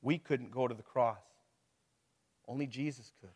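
A man's voice: mid-range voice, moderate pace, a little mellow, husky. A middle-aged man preaching a sermon to his congregation, talking it through casually, with rhetorical questions and chuckles. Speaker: pastor.

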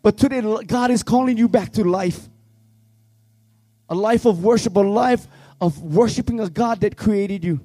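A man leading worship, preaching with fervent, pleading passion that swings from shouts to hushed tones. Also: sits high, moderate pace, no echo. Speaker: worship leader. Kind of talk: impassioned youth revival sermon.

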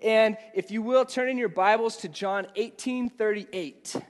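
High-voiced man preaching in a hall. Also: unhurried. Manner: repeats words, conversational with audience. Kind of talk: evening sermon. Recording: reverberant hall.

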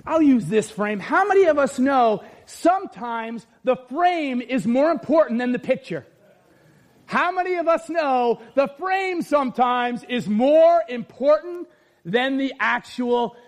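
A middle-aged pastor delivers an animated sermon, his unusually high-pitched voice rising into shouts to drive his points home. He talks to the congregation directly, asking questions and calling for responses. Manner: animated, often shouting for emphasis.

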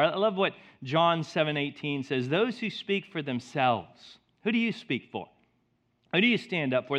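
Animated high-voiced male pastor preaching. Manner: animated storytelling, swinging from loud to soft. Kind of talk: sermon. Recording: dull lo-fi recording.

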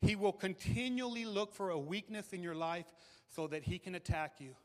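High-voiced preacher man in a reverberant hall. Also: normal speed. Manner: animated, emphatic preaching with repeated words. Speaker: pastor. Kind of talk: sermon. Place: church hall with audience. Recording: long reverb of a large hall.

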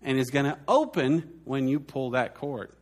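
This mid-range voice belongs to a pastor in his forties delivering an earnest sermon. When he wants to stress a point, his pace slows and his voice softens.

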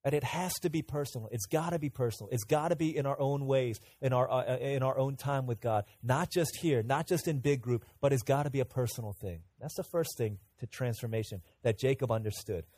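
A man's voice: mid-range voice, brisk, few pauses. A man preaching a sermon as pastor, earnest and interactive, having the congregation repeat words back to him. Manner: earnest, swings from emphatic to quiet asides.

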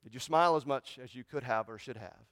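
Speaking fast at a medium pitch, this pastor preaches in a chatty style on a dry recording. He repeats words, keeps checking in with "right?", and swings from quiet reverence to loud excitement.

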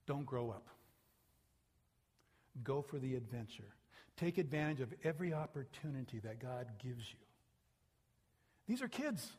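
In a church sanctuary, a male pastor with a husky mid-range voice preaches a sermon, telling stories at a normal speed with long pauses. He's animated, acting out the people in his stories.

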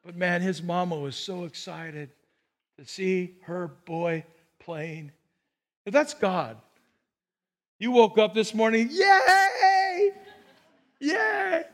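An older man delivers a sermon in a church, his voice sitting high for a man. He tells his stories with animation and acts out the people in them. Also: takes it slowly, long pauses. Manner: animated storytelling, acts out scenes. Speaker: pastor.

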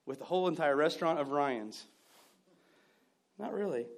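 A man's voice: a little high, lively intonation, normal speed. A man preaching a sermon, telling stories with mimicked voices and joking, sarcastic asides. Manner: jokey, sarcastic humor. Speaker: pastor.

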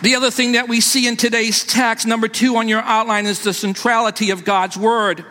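A man's voice: very high voice, level tone, brisk, pushed and bright, big-room sound, a faint crowd, slight background noise. A man preaching a sermon to his congregation in a church, emphatic, and calling out to them. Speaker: pastor. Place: church sanctuary.

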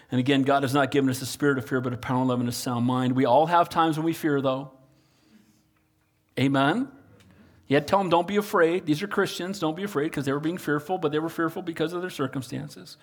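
A man preaching a sermon as pastor, animated and calling on the congregation for amens. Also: a little high.

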